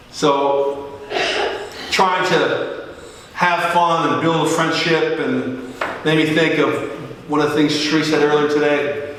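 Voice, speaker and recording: A middle-aged man preaching a sermon as a joking, animated storyteller who acts out the dialogue. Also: mid-range voice, slight background noise. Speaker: pastor. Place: large church hall. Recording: echoey church hall from a distance.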